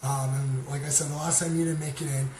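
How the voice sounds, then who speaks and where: In a hollow-sounding room with steady noise humming behind him, a Canadian man rambles through a casual livestream. He speaks at medium pitch, fills his gaps with "um," and keeps breaking off to greet viewers by name.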